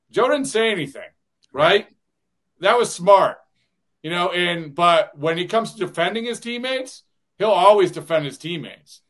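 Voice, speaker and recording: A male radio broadcaster guests on a podcast in casual conversation. He rambles through anecdotes, often starts his sentences over and chuckles as he goes. His voice sits a little high. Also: fairly bright tone. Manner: rambling storyteller, many restarts, chuckles often. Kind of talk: casual interview chat.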